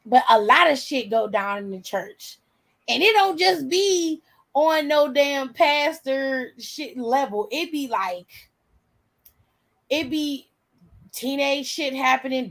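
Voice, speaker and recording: A woman in her forties, host, telling a story in casual chat, animated and profane, laughing often. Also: fairly high pitch, rough recording.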